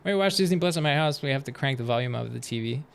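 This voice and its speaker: A man streaming live, chatting casually with his viewers as he reacts to videos, animated and swearing freely. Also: mid-range voice, rapid-fire, vocal fry, smooth.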